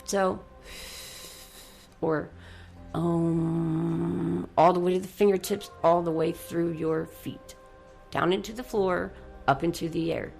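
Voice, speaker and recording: A woman hosts a motivational radio show, guiding a breathing exercise and cheering on her listeners in an effusive, upbeat way that swings from soft to excited. Her voice is on the low side and slow, with vocal fry, frequent pauses and faint music behind her.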